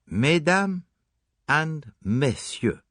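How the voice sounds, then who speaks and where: A man voicing a fussy, theatrical detective who speaks slowly and pointedly in an audiobook. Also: on the high side, big pitch swings, fairly bright tone, no echo, studio quality, pitched above the performer's own voice. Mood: grave, pointed. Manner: slow, deliberate, pointed.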